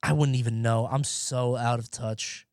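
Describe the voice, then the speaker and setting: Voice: mid-range voice, steady tone, a little slow, darkish tone, dry recording, studio quality. A streamer in their thirties from the United States, chatting casually with live viewers in a rambling, profane way and laughing often.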